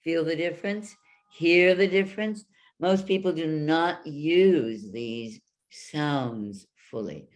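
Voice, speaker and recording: Slow-spoken woman voice coach. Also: deep voice. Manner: demonstrative, drawn-out vocal examples. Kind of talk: online workshop teaching. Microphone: video call.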